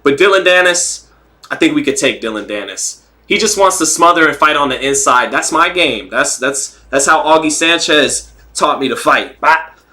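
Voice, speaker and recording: Bright-voiced man rambling on a livestream. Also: on the high side, lively intonation, normal speed. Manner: rambling, joking, reads chat comments aloud. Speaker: livestream host. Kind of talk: casual livestream commentary.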